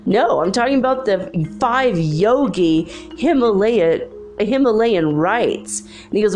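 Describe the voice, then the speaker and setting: A woman's voice: mid-range voice, animated, slow, darkish tone, soft background music. A woman talking in a casual vlog monologue, rambling through a story with lots of filler words.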